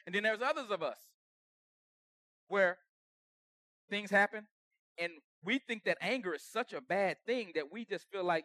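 A man preaching a conversational sermon with humor, acting out everyday quarrels and swinging from soft asides to shouts. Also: high voice, a little slow, pauses often, no room sound, studio quality.

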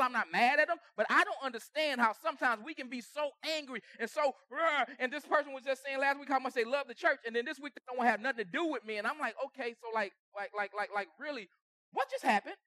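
High-voiced pastor preaching with loud bursts. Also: male voice, fast talker, hardly any pauses, no room sound. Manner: conversational preaching with sudden loud bursts and dropped asides. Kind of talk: sermon. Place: church sanctuary.

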